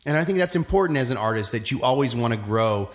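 A man who works as a musician and actor, musing in casual chat with lots of pauses and restarts. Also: mid-range voice, animated. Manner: reflective, rambling, many fillers and restarts.

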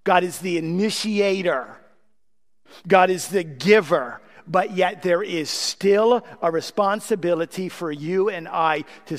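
A man preaching a sermon as pastor, emphatic, often asking the congregation a rhetorical "what?". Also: high voice. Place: church sanctuary. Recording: long reverb from a large church hall.

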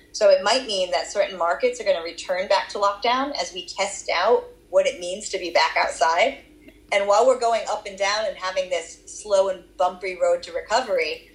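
A woman's voice: lowish voice, poor audio. A woman with a Boston accent answering interview questions about her research, explaining at length with occasional fillers. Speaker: research guest.

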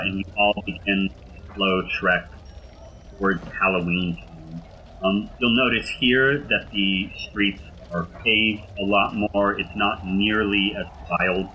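Lower-voiced man narrating as game master. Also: bright, forceful tone, dull audio, a little hiss or hum. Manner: filler-heavy, descriptive, unhurried narration.

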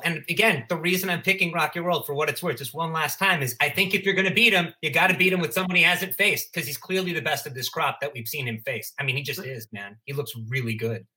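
A man's voice: fairly high pitch, pushed and bright. A man co-hosting a podcast in casual chat, chatty and prone to stumbling restarts. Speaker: podcast co-host.

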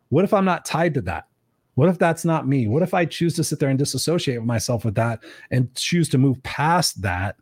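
Fast-talking husky man hosting a chat. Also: medium pitch, no echo, clean studio sound. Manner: animated, swears freely, acts out quoted voices. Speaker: podcast host. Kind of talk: casual coaching conversation.

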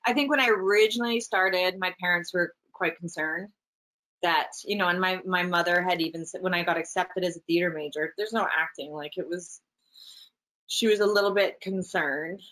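A middle-aged actress from Canada, telling stories in a casual, animated interview. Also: female voice, fairly low pitch, rough recording. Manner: animated, chatty, quick asides. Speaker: actress, guest.

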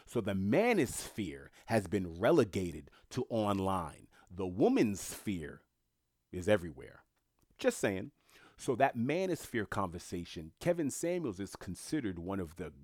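Low-voiced guy going off on a blunt rant, dry close sound, keeps repeating himself. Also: very animated, measured pace, a little mellow, no room sound. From Haitian family. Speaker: commentator. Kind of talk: casual monologue commentary.

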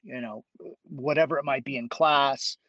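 A man's voice: mid-range voice, fairly even intonation, moderate pace, bright, forceful tone, dry recording, muffled recording. A man guest in a casual interview, easygoing and laughing often, with hesitant fillers as he recalls things. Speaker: guest, musician and arts teacher.

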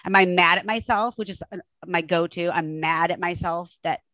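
A woman hosting a podcast, talking fast and enthusiastically in casual chat. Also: fairly low pitch, a bit bright, dry recording. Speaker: podcast host.

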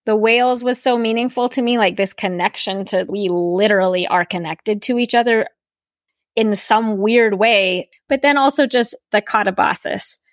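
A woman's voice: mid-range voice, moderate pace, no echo, studio quality. A woman podcast host, recounting a personal experience in a reflective, storytelling way and voicing her own thoughts as quotes.

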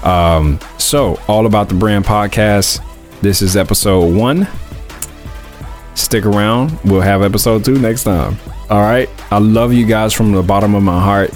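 A man's voice: on the low side, soft background music. A man hosting his own podcast, talking earnestly and emphatically, stretching out key words as he makes his point. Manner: earnest, emphatic, drawn-out stresses; confident, heartfelt motivational talk. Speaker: podcast host. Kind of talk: casual solo podcast monologue.

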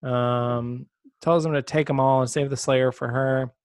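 A man's voice: mid-range voice, fairly even intonation, a little slow, no echo. A man co-hosting a podcast, casually recapping a TV episode and acting out the characters' lines as he goes. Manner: chatty, retells scenes by acting out quotes. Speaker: podcast co-host.

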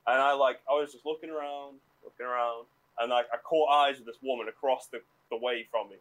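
Guy, mid-pitched, sheepish laughing raconteur. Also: steady tone, fairly quick, fairly bright tone, low-quality recording. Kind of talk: casual chat.

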